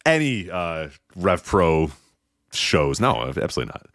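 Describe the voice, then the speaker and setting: A man's voice: low voice, big pitch swings, a little slow, a bit bright, no room sound, studio quality. A man with a Chicago accent, co-hosting a podcast in casual chat, rambling and laughing often. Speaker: podcast co-host.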